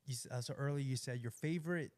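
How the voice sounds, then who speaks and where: Host, man, fast chatty questions, mid-pitched. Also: dry recording. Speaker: podcast host. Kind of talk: casual interview chat.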